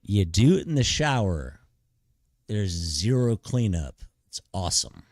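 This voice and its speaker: A man's voice: lowish voice, big pitch swings, unhurried, darkish tone, no room sound, clean studio sound. A middle-aged man streaming live, giving blunt, profane big-brother advice in a laid-back way and saying "dude" constantly. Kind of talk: casual live-stream chat.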